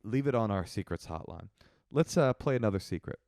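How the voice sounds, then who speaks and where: A man co-hosting a podcast in casual chat, talking in a chatty, jokey way with quick asides. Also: fairly low pitch, expressive, darkish tone, dry recording. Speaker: podcast co-host.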